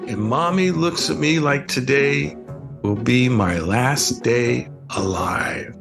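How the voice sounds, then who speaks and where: An older man reading a bedtime story aloud in a gentle, expressive storytelling manner. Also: medium pitch, slow, gravelly. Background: soft music.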